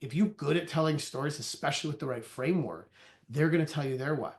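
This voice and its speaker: Lively man coaching on sales pitches. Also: fast talker. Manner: acts out conversations in quoted voices; loose and conversational, many restarts. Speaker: sales consultant and trainer. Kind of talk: energetic training talk.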